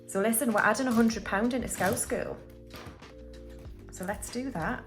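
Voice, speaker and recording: A woman's voice: a little high, normal speed, soft background music. A woman chats casually to her viewers as a budgeting vlogger, counting banknotes aloud as she goes. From United Kingdom. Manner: chatty, counts money aloud, talks to viewers as guys. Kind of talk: casual chat while counting cash.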